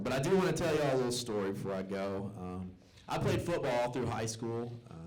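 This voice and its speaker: A man's voice: lowish voice, a little mellow. A young man from the American South doing stand-up in a comedy club, loose and self-mocking as he acts out the people in his stories. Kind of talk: stand-up storytelling.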